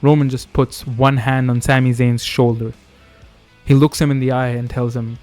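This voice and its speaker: Man, wrestling storyline narration, steady delivery, mid pitch, dry. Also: normal speed, no echo, soft background music. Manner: steady storytelling, reads quotes in his own voice. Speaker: wrestling video host. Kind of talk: fantasy booking narration.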